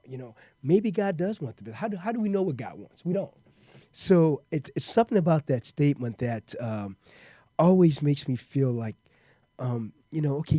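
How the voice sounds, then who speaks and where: A man's voice: on the high side, warm tone, no room sound, clean studio sound. A man hosting his own podcast, talking earnestly and often repeating words as he goes. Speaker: podcast host. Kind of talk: casual monologue.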